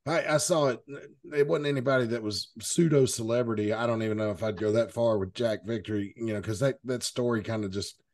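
Gravelly, outspoken man. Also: medium pitch, fairly quick, few pauses, a little mellow. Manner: blunt, outspoken storyteller. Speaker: podcast panelist. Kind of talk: casual chat.

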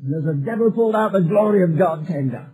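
A man's voice: sits high, fast, a little mellow, faint music behind, poor audio. A male preacher delivering a sermon emphatically, building repeated phrases toward a climax.

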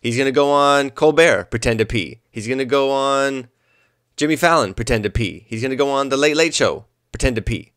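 A man's voice: medium pitch, fairly quick, clear, resonant tone, no room sound, clean studio sound. A young adult man hosting his own podcast, rambling through a comedic monologue. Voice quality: animated, rambling. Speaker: podcast host.

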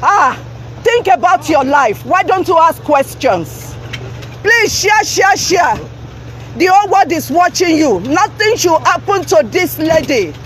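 Shouting Nigerian woman livestreaming outdoors. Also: extremely high pitch, lively intonation, unhurried, a little hiss or hum, rough recording. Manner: shouting, confrontational, repeats herself urgently. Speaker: livestreamer confronting officials. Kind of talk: live-streamed street confrontation. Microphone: phone held while live streaming.

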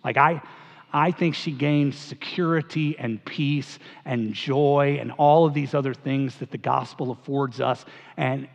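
A middle-aged man, a pastor, giving a memorial eulogy in a relaxed, humorous storytelling way. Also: mid-range voice, unhurried, creaky. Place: church hall. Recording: dull sound with long church reverb.

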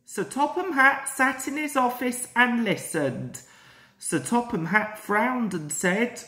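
A woman reading a children's train story aloud in a slow, lively storytelling cadence. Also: a little high. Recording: roomy echo.

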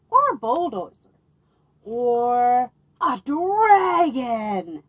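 A wishful little boy from a picture book, a touch whiny as he grumbles about his baby brother and dreams of a pet dragon, as a woman reading aloud puts him on. The voice sits fairly high and moves slowly. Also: breathy edge, exaggerated voice.

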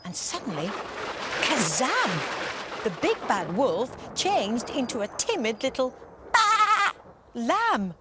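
Woman reading a bedtime story, slow and lively in pitch, gentle storyteller. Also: heavy background noise.

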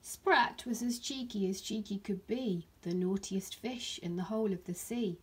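A woman, a primary school teacher, reading a rhyming picture book aloud to her class in a gentle storytelling manner. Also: medium pitch, normal speed, a little hiss or hum.

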